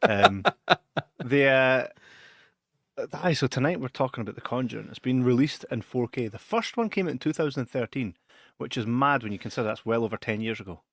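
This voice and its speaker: A man's voice: medium pitch, lively intonation, normal speed, no echo, clean studio sound. A Scottish man co-hosting a podcast in casual chat, rambling through stories and laughing a lot. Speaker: podcast co-host.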